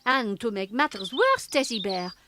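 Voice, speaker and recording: A woman's voice: a little high, big pitch swings, normal speed, pushed and bright, slight background noise. A woman voicing a fussy, impatient cat lady in a cartoon. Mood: cross. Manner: fussy, bossy. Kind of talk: cartoon voice acting.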